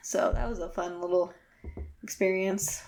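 A woman in casual conversation, rambling through a story with many fillers and animated quotes. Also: fairly low pitch, unhurried. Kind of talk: casual chat.

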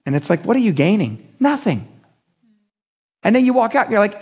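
A young adult man preaching a casual midweek sermon, talking in an animated, conversational way with slang and acting out the voices he quotes. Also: sits high, brisk, vocal fry, long pauses, breathy edge. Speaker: pastor.

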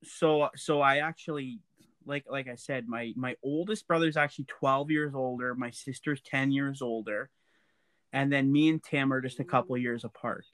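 A man chatting casually, relaxed, with many fillers, as he tells a story about his brother. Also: mid-range voice, normal speed, no echo.

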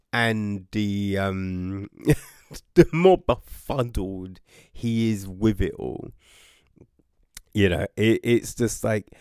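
A man casually reviewing a book, animated, with frequent swearing, exclamations and restarts. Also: on the low side, smooth, no room sound, clean studio sound.

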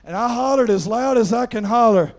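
With a very high voice and a slightly fast pace, a middle-aged pastor preaches through a folksy tale from his own life. He peppers it with "amen" and works up to loud preaching.

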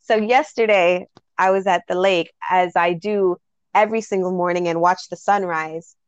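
A woman's voice: fairly low pitch, steady tone, moderate pace, clear, resonant tone, dry recording, dull audio. A woman hosting a casual spiritual podcast, telling heartfelt stories and laughing often. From Jamaica. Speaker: podcast host.

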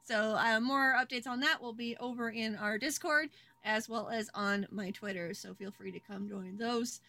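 A young woman hosts a tabletop game stream in a high, bright voice. She rambles cheerfully through announcements and keeps breaking into giggles. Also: fairly even intonation, normal speed, creaky. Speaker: game master and stream host. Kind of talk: casual stream intro.

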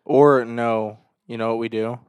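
A man's voice: mid-range voice, steady tone, a little slow, darkish tone, clean tone, no echo. A young man co-hosting a casual podcast with friends, laughing and teasing as he talks. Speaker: podcast co-host. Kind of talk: casual chat among friends.

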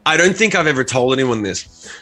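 A man's voice: medium pitch, lively intonation, brisk, pushed and bright, faint music behind. An Australian man co-hosting a podcast, telling long rambling stories in a casual chat and swearing freely. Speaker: podcast co-host.

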